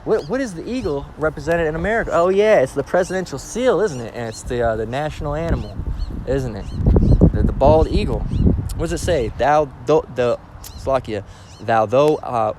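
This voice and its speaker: A man giving an informal scripture lesson as a street preacher. He reads verses slowly, then explains them in blunt slang, checking in with "all right?" again and again. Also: a little high, lively intonation, background noise.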